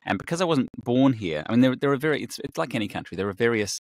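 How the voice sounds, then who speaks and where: A man's voice: mid-range voice, big pitch swings, fast, no room sound. A middle-aged man from England with a New Zealand accent, chatting as a podcast guest and telling stories in a rambling way with many fillers and restarts. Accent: New Zealand with a slight British trace. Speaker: voice actor guest. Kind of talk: casual interview chat.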